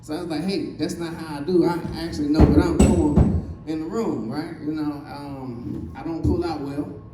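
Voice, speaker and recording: A man's voice: a little high, steady tone, normal speed, roomy sound, distant mic, music in the background. A man from Virginia with a Southern accent, doing a stand-up comedy set with a loose, rambling delivery full of fillers. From Virginia, USA. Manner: loose, rambling delivery with many fillers, acting out other people's voices.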